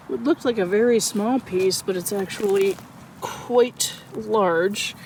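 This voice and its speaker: A woman narrating her metal detecting finds outdoors on a wooded property in a chatty, excitable way, often correcting herself. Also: medium pitch, slight background noise, low-quality recording. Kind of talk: casual outdoor vlog narration.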